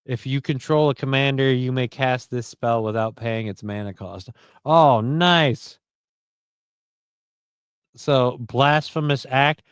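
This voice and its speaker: Smooth-voiced man hosting a casual livestream. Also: mid-range voice, slow pace, no room sound. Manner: loose, profane, jokey, reads chat and card text aloud. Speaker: livestream host.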